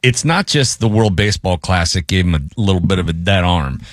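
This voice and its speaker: A man hosting a sports talk show, talking in an animated, wry way with quick jokes. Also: low voice, dry recording, studio quality.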